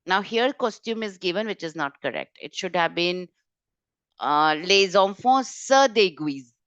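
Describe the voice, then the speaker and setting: A woman teaching French vocabulary in an online exam-prep class, brisk and corrective, often repeating key points. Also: fairly low pitch, lively intonation, fairly bright tone, no echo, dull audio. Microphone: video call.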